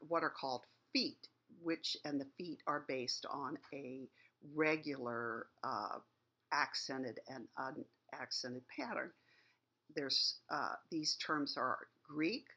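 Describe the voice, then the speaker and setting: A woman's voice: deep voice, bright, forceful tone. A woman teacher giving a lecture on poetry, explaining things patiently and thinking aloud as she goes.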